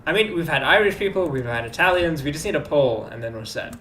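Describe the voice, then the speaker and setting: A man co-hosting a casual game stream, joking and chatting between lines of dialogue. His voice is on the higher side and moves around a lot. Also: expressive, fast, sharp tone, a little hiss or hum. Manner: joking, chatty, laughs often. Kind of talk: casual let's-play chat.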